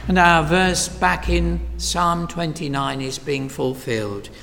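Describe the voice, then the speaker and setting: A man preaching a sermon, slow and emphatic, swinging from hushed whispers to loud cries. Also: on the high side, fairly even intonation, creaky. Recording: long reverb of a large hall.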